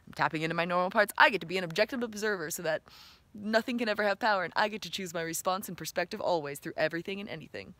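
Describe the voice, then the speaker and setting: A woman's voice: lowish voice, fast talker, fairly bright tone, no echo. A woman giving an enthusiastic, playful motivational talk to camera as a self-help vlogger. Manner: enthusiastic, breathy and playful, laughing often.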